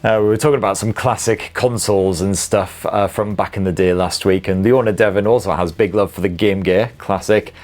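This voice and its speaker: A man in his forties with a lowish voice hosts a tech show. He reads out viewer comments and riffs on them with sweary, self-deprecating humour. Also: steady tone, brisk, hardly any pauses, a little mellow. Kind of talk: live stream chat reading viewer comments.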